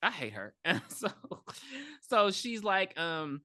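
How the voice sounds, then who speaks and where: A woman retells a movie scene by scene in casual podcast chat, swearing freely and jumping into the characters' lines. Her tone is bright and forward. The sound is dry and close. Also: lowish voice, sing-song, unhurried, dry recording. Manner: rambling, profane, with frequent ums and acted-out quotes. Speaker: podcast co-host.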